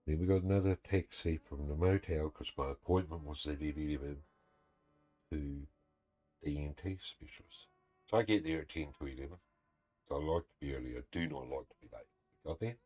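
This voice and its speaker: A man's voice: a bass voice, a little fast, warm tone, faint music behind. A man, a gaming streamer casually telling a story in a blunt, swearing, heated way. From New Zealand.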